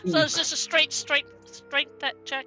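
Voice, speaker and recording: A woman plays a tabletop game, asking eager questions about the rules. Her voice is very high and piercingly bright, with faint music underneath. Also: fairly even intonation, measured pace. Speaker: player.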